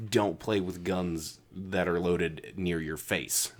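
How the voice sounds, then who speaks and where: A man hosting a casual podcast, ranting with lots of swearing, jumping between loud outbursts and low mutters. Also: steady tone, slow pace. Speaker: podcast host.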